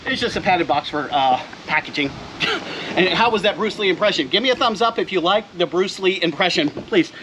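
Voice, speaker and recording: Outdoors by his car, a middle-aged gear vlogger does a playful, hype-filled unboxing, speaking straight to his audience. He talks briskly in a high voice with lively intonation and hardly any pauses, over a noisy background.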